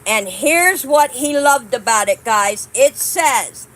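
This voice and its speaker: A woman hosting a casual vlog, chatting with her viewers and reading cards aloud in a warm, drawn-out way. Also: fairly high pitch, animated, poor audio. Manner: warm, reads cards aloud slowly, chatty asides to "guys". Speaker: channel host.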